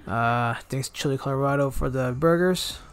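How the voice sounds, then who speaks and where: Muffled man with a gravelly voice. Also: mid-range voice, moderate pace. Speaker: vlogger. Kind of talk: casual vlog voice-over.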